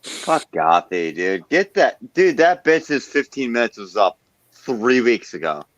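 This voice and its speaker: A man's voice: mid-range voice, sing-song, measured pace, no room sound, muffled recording. A man hosting a casual stream chat, blunt and swearing constantly. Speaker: stream host. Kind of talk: casual profane group chat.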